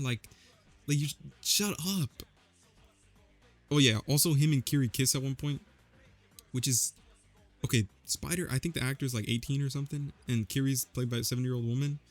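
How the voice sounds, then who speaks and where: A young man casually recapping a movie, rambling with lots of slang and fillers. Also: medium pitch. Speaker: vlogger.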